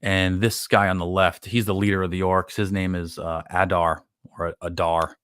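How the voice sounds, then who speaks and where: A man's voice: low voice, flat delivery, normal speed, fairly bright tone, clear, resonant tone, dry recording, clean studio sound. A man hosting a podcast, giving a casual, blunt, rambling recap with plenty of profanity and filler words. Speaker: podcast host. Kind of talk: casual live-stream episode recap.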